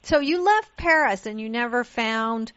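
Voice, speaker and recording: A woman's voice: fairly high pitch, animated, a little slow, a bit bright, smooth, dull audio. A woman hosting a radio interview, asking long leading questions and reacting with eager interjections. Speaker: radio show host.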